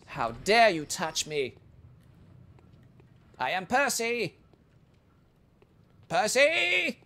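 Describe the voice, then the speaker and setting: Man doing a snooty posh English toff, pitched up, lively swings, pompous bluster. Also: drawn-out words, heavily acted. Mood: indignant. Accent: posh upper-class English. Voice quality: haughty, pompous, indignant. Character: pompous posh young aristocrat man, haughty.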